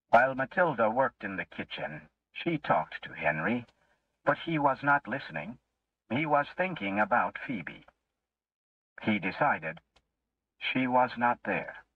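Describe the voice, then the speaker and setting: A man reading a story aloud slowly and expressively for English learners. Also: mid-range voice, sing-song, breathy edge, dry recording. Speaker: narrator. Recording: muffled lo-fi, distant mic.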